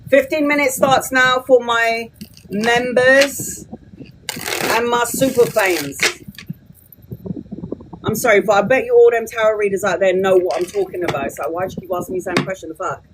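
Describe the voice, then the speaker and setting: A woman's voice: a little high, steady tone, background noise. A woman in her forties, a tarot reader talking casually and bluntly on a live stream from her phone, swearing freely. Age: 40s. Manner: blunt and sweary, quick to vent.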